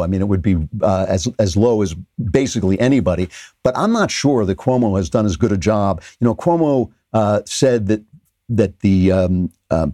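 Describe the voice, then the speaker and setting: A man's voice: on the low side, warm tone, no room sound, clean studio sound. An older man hosting a political commentary show, delivering an opinionated monologue with sarcastic asides and frequent restarts.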